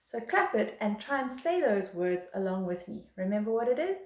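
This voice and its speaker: A woman's voice: mid-range voice, big pitch swings, moderate pace, few pauses, slight background noise. A woman teaching a beginner violin lesson, patient and encouraging, counting rhythms aloud. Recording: roomy echo.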